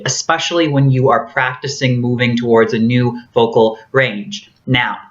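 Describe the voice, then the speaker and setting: A woman's voice: rumbling low, highs cut off. A woman vlogger giving an earnest, casual tutorial with a theatrically trained voice and many fillers.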